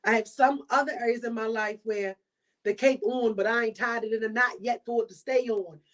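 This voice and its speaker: A woman's voice: a little high, steady tone, a little fast. Emphatic woman podcast host, preaching. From Baltimore. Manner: preachy, emphatic, repeats points. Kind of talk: motivational monologue.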